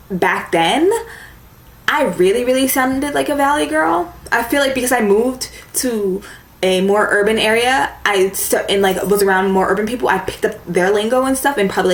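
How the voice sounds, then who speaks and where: A young woman with a medium-pitched voice chats casually to camera as a beauty vlogger, with a valley-girl lilt and frequent use of "like." The room is echoey, with faint ambience and slight background noise.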